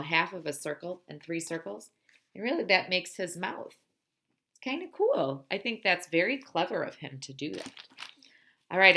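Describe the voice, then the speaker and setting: A woman who teaches pre-kindergarten, gently and playfully leading a storytime and rhyming lesson for young children. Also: on the low side.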